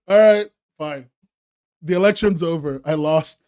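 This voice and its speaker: A young man with a high, light voice, hosting a live stream and talking straight to his chat. He laughs often and throws himself into exaggerated, joking outrage. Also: takes it slowly, darkish tone.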